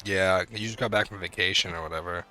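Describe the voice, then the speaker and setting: A young man in his twenties co-hosting a podcast, telling rambling, animated stories in casual chat. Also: low voice, fast talker, soft background music. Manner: rambling, animated storytelling with profanity. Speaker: podcast co-host.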